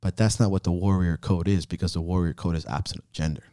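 A man's voice: low voice, fairly even intonation, fast, mellow, no echo, studio quality. A man hosting a podcast, telling heartfelt personal stories in casual talk full of swearing. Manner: profane, heartfelt storytelling. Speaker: podcast host.

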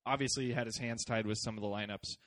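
A man co-hosting a casual soccer podcast, talking in animated, jokey rants with some swearing. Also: on the low side, fast. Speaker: podcast co-host.

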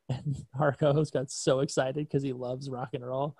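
A man's voice: mid-range voice, little pitch movement, moderate pace, hardly any pauses, a little mellow, husky, no room sound. A man who plays in a band, a guest in casual conversation, telling stories in a dry, self-deprecating way. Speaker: musician guest.

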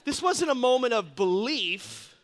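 A middle-aged man preaching a sermon, telling a personal story in an animated way that drops to hushed intensity. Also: very high voice, unhurried. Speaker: pastor.

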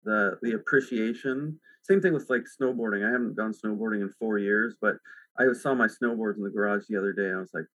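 A man hosting a podcast from home, chatting loosely and circling his points with a string of fillers. His voice is bright and forceful, in a dry, close recording with no room sound. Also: lowish voice, a little fast, dry recording, lo-fi sound. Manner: relaxed, rambling, many "like" fillers. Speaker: podcast host. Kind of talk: casual chat.

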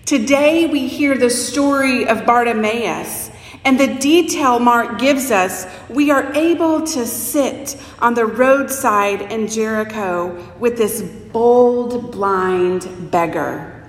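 A woman preacher giving a sermon, telling the story slowly and expressively and voicing the people in it. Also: a little high. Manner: slow, expressive storytelling with voiced quotes. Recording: echoey church hall with long reverb.

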